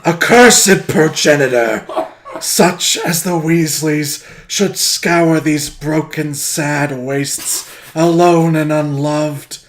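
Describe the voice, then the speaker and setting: A man with a slightly high voice co-hosts a casual comedy podcast. He talks slowly and deliberately. He delivers his jokes in a grandly deadpan, mock-serious way. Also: a little hiss or hum. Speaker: podcast co-host.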